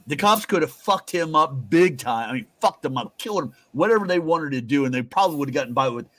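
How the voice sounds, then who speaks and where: A man's voice: a little high, lively intonation, fast, fairly bright tone, dry recording. A man hosting a casual talk show, rambling and swearing with emphatic asides. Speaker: host. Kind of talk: casual chat.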